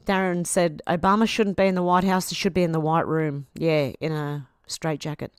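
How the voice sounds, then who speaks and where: A middle-aged Australian woman hosting a livestream at home, reading viewer comments aloud in a chatty, quick run while teary and sniffling. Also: low-pitched, little pitch movement, smooth, no room sound, studio quality. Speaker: livestream host reading chat.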